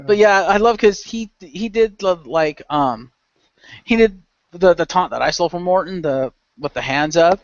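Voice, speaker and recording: A man with a high-pitched, animated voice hosts a casual podcast recapping wrestling, speaking at normal speed. He rambles through stories full of fillers. The audio is dull, dry, lo-fi podcast sound with no echo.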